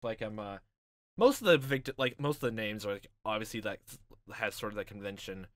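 A man's voice: fairly low pitch, fairly quick, dry recording. A man giving rambling, joking casual commentary while playing through a story game. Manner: rambling, filler-heavy, joking. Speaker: let's-play host. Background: game music.

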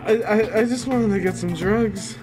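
Excitable male streamer, game music behind. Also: high voice, normal speed. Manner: excitable, yelps and cheers at the action. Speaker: let's player streaming a game. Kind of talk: live gameplay commentary. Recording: game music loud under voice. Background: game music playing.

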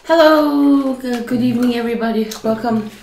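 A woman's voice: a little high, fairly quick, a little mellow, slight background noise, voice pushed up, lightly acted. A woman playing a nervous young waitress who greets dinner guests in a stiff, formal way, in a room with some echo.

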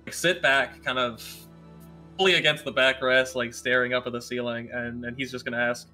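A man game-mastering a tabletop session, his voice bright and forceful. He narrates in a loose, rambling way, starting sentences over. Faint music plays underneath. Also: mid-range voice, steady tone, moderate pace. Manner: rambling, restarting narration with many fillers.

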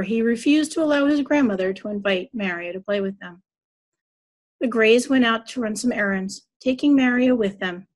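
A woman reading a children's story aloud during a church service. Her voice sits a little high, and she narrates in an even, clear storytelling manner with a steady pace.

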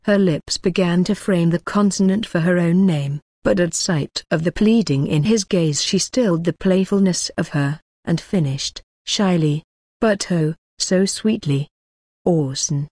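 Woman audiobook narrator, measured and lyrical, lowish voice, dry close recording. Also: darkish tone, dry recording.

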